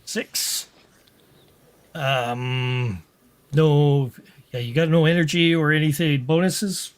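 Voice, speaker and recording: Slow-talking game master man. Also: on the high side, steady tone, clean tone. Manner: unhurried, adds sound effects. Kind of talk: narrating a tabletop game.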